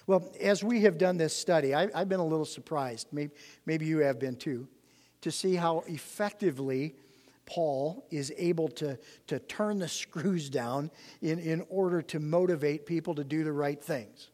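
A man's voice: a little high, normal speed, a little mellow. A man teaching a Bible study, reading scripture and explaining it in an earnest, explanatory way with emphasis on key words. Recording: long hall reverb.

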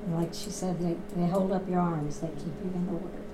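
A woman's voice: fairly low pitch, fairly even intonation, fairly quick, crowd noise. A woman in a casual Bible study discussion, speaking in an earnest, testimony-like way. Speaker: Bible study group member. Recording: noticeable background noise.

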